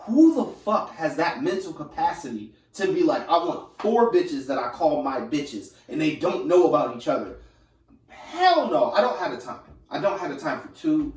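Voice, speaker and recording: A man's voice: fairly high pitch, sing-song, moderate pace. A young man co-hosting a podcast in casual, profane chat, laid-back and trailing off mid-thought. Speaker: podcast co-host. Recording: roomy, from far off the mic.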